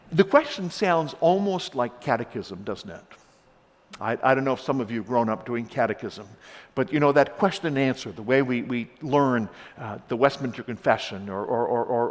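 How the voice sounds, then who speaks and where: Preacher, male, mid-range voice, lively storytelling sermon, recorded with a ringing church echo. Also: mid-range voice. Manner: animated storytelling, frequent repeated starts. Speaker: pastor. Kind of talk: sermon with scripture reading. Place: church sanctuary. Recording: long church reverb.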